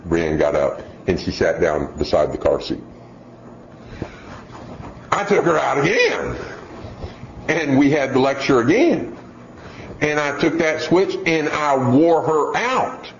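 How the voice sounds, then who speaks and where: A man casually telling a folksy, rambling story about his children, chuckling as he goes. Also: on the low side. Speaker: father telling a family story. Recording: dull lo-fi recording with faint background hiss.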